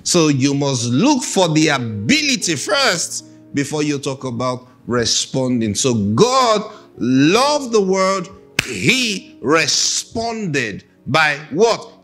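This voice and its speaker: Emphatic male preacher with repetition. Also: mid-range voice. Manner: emphatic, repeats phrases for stress. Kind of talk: sermon.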